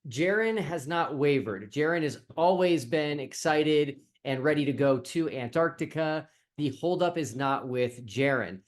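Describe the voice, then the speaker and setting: Male host, casual commentary, slightly high pitch, storyteller delivery. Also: expressive, unhurried, few pauses. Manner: storytelling with film comparisons.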